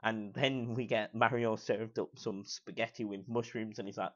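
Excited man reviewing a movie, lo-fi. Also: lowish voice, moderate pace. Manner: enthusiastic, repeats praise words, quotes scenes in put-on voices. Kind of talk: casual film review. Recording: dull lo-fi recording.

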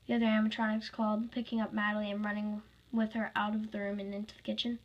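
Husky woman reading a story aloud. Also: mid-range voice, completely flat delivery, quick pace, muffled recording. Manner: plain reading, small slips and restarts.

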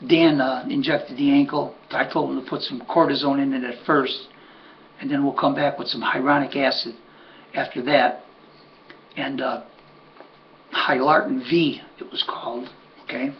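A man's voice: mid-range voice, steady tone, normal speed, long pauses. An older man, a horse trainer, telling a rambling personal anecdote in a conversational way, full of restarts and asides. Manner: rambling, conversational, says "buddy", many restarts. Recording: dull lo-fi recording with faint hum.

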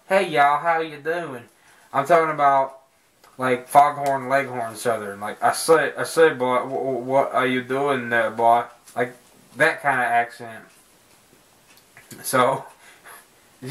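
A man giving a casual home video review of a film, rambling and jokey, swearing often and filling pauses with "uh" and "um". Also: mid-range voice, a bit bright. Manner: rambling, profane and jokey, with frequent fillers. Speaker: movie reviewer.

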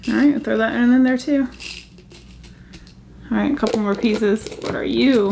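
A woman hosting a casual jewelry vlog, chatty and easily excited, gasping over pieces she finds. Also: fairly high pitch, moderate pace, vocal fry, a little hiss or hum. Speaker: jewelry channel host.

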